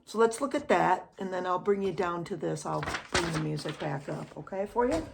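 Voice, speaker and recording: A woman's voice: lowish voice, fairly quick, gravelly, background noise. A woman giving a casual drum lesson, counting beats aloud and often checking with "okay?". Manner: relaxed, often adds "okay?". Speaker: drum teacher. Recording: drums playing behind the voice.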